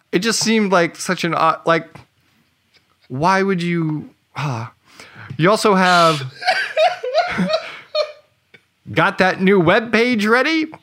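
A man's voice: high-pitched, background noise. A man co-hosting a casual movie podcast, reading out quotes with dry amusement. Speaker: podcast co-host.

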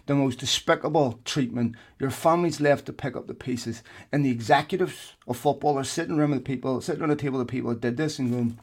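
A man's voice: mid-range voice, fast talker, few pauses, a little hiss or hum. A man co-hosting a podcast, ranting in heated casual chat and swearing often. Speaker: podcast co-host.

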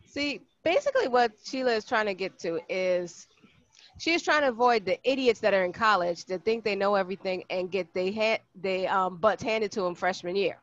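Woman podcast co-host, relaxed explainer, muffled dry recording. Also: mid-range voice, moderate pace, dry recording. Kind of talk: casual chat.

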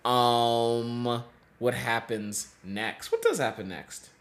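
A man's voice: mid-range voice, fairly even intonation, takes it slowly. A man with a mid-range voice co-hosts a podcast, talking over a movie in a loose, blunt way. He swears freely and keeps pushing the retelling forward. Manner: blunt and profane, prompts the story along. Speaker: podcast co-host. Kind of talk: casual chat recapping a movie. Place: in person, indoors.

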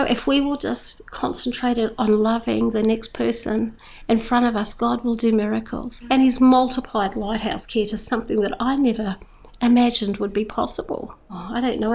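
A middle-aged Australian woman talks about her church's food charity with bright enthusiasm, leaning hard on her words. Her voice sits a little high and carries a gravelly fry. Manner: enthusiastic, emphatic storyteller. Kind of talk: interview testimony.

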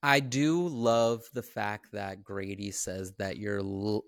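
A man's voice: low voice, a little slow, creaky, few pauses, no echo, studio quality. A man co-hosting a podcast, retelling a horror film scene by scene and acting out the characters' lines. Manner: animated storyteller, acts out the characters' lines. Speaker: podcast co-host. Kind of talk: casual chat, retelling a film.

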